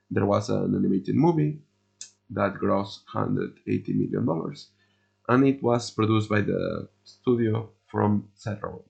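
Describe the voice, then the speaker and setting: Male host, gravelly and husky, voice going, halting casual explainer, dull lo-fi mic. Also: on the low side, darkish tone. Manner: halting, many fillers and restarts, conversational. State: losing his voice. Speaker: investing video host. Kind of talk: casual explanatory talk over charts.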